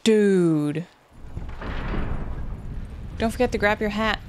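A woman's voice: mid-range voice, slow pace, darkish tone, a little hiss or hum. A young woman commenting on a game as she plays, swearing freely and cheering herself on. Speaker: gameplay streamer. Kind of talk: let's play commentary. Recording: game music behind voice. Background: game music and rain sounds.

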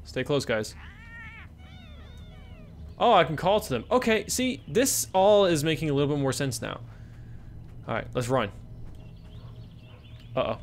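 A young man giving casual let's-play commentary, swinging between excited yelps and hushed murmurs, swearing casually and coaxing his in-game kids along. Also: on the high side, a little slow, long pauses, slight background noise.

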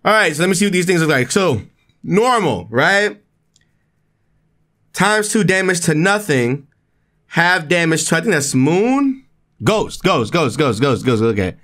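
A young man giving excited, slangy commentary while playing a video game, jumping up in pitch when he reacts. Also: a little slow, long pauses. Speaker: gaming video creator. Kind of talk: excited let's-play commentary.

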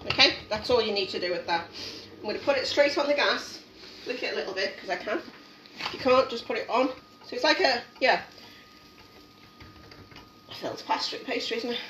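In an echoey home kitchen, a cooking show host chats and encourages viewers as she demonstrates a casual recipe. Her fairly high voice moves a little fast, broken by long pauses. She is miked from a distance, with steady background noise.

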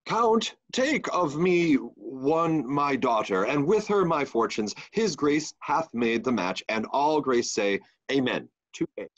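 A man's voice: mid-range voice, animated, slow, few pauses. A teenage boy playing a doting old nobleman father in a Shakespeare school play, sometimes stumbling over his lines. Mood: fond. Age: late teens. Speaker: student actor. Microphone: video call. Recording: muffled video-call audio.

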